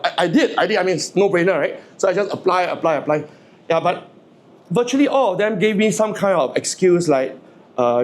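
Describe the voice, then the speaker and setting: A man's voice: on the high side, fairly quick. A man, giving a humorous motivational speech to a live audience, stammering and repeating words as he jokes and asks the crowd questions. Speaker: motivational speaker.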